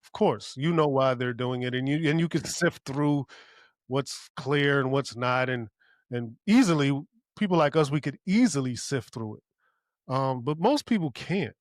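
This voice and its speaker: A man's voice: medium pitch, expressive, moderate pace, no room sound. Male podcast co-host, medium voice, hesitant and musing, dry studio sound. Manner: musing, hesitant, thinks aloud with fillers and restarts, profane. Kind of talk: casual opinion podcast.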